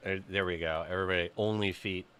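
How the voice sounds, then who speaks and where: A man's voice: low voice, fast, clean tone. A young man streaming games, chatting casually and telling stories with lots of swearing. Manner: profane, animated storytelling. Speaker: gaming streamer.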